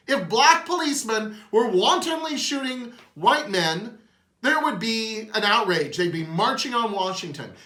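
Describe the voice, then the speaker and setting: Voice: medium pitch, animated, measured pace, sharp tone. Impassioned speaker in an echoey room. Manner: earnest, impassioned, emotional. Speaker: host. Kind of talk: opinion monologue.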